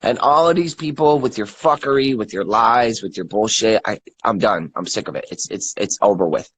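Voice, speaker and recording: Husky-voiced man, thirties, furious stammering rant. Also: lowish voice, normal speed, a bit bright, poor audio. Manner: angry, profane, stammering repeats. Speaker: guest. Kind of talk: angry rant.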